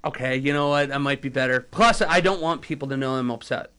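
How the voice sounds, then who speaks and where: A man's voice: mid-range voice, quick pace, a bit bright, clear, resonant tone. A young man co-hosting a local sports radio show, bantering and joking in a casual, playful way.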